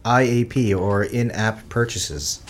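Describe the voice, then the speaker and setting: A man's voice: lowish voice, slow pace. A man hosting a casual podcast, rambling and jokey as he introduces his guests. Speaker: podcast host.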